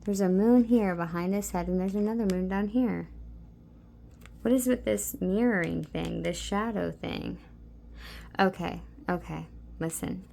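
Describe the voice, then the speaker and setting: A woman giving a soft, meandering spiritual card reading, talking intimately to her listeners with many fillers. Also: medium pitch, measured pace, gravelly, a little hiss or hum. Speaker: tarot card reader.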